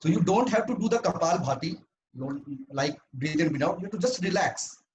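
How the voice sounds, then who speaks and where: A man's voice: a little high, lively intonation, a little fast, poor audio. A man giving a prepared club talk on voice training, earnest and instructive, going through his points one by one. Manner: earnest, instructive, paced in numbered steps.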